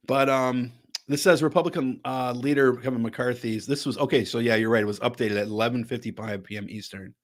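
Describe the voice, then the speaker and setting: Man, co-host, streamed chat, joking, stammering restarts, from connecticut, medium-pitched voice. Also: fairly even intonation, fairly quick. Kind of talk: casual political chat.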